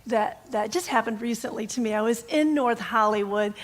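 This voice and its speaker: A middle-aged woman minister giving a casual storytelling sermon, animated and laughing as she acts out dialogue. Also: a little high, normal speed.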